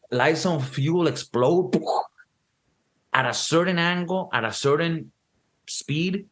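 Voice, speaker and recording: A young man on a podcast, casually reviewing a movie and explaining it in an animated, profane way, acting out quotes. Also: fairly high pitch. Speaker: podcast co-host.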